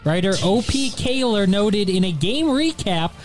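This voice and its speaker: High-voiced man hosting a sports chat. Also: animated, unhurried. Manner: laughs easily, reads facts aloud in a matter-of-fact way. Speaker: podcast host. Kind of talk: casual sports podcast chat.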